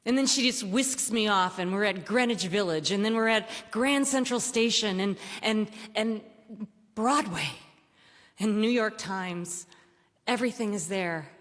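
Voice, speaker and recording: Animated woman storyteller around 60. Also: mid-range voice. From Michigan. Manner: lively, animated, acts out dialogue. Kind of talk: live storytelling on stage. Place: large theater stage. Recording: reverberant theater hall.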